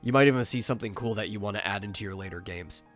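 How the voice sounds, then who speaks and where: A man's voice: fairly low pitch, very fast, a bit bright, faint music behind. A man co-hosting a casual online talk show, chatty and opinionated, often repeating words as he starts. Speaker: podcast co-host. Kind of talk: casual chat.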